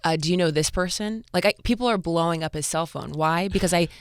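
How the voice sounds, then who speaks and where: Woman comedian, chatty storyteller, smooth clear voice, dry close studio sound. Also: lowish voice, no room sound. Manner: chatty storyteller, quick asides. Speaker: guest comedian. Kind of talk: casual podcast chat.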